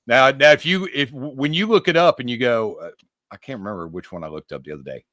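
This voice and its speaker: A man's voice: medium pitch, fast talker, fairly bright tone, dry recording, studio quality. A man on a podcast, explaining puzzle clues in emphatic, rambling casual chat with the odd mild curse. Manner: emphatic, rambling, mildly profane. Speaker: podcast co-host.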